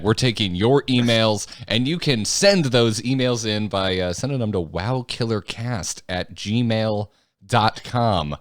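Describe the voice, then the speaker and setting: A man hosting a casual gaming podcast, relaxed and self-mocking, just awake and reading out listener emails. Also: on the low side, measured pace, dry recording, studio quality. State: just woken up. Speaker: podcast host.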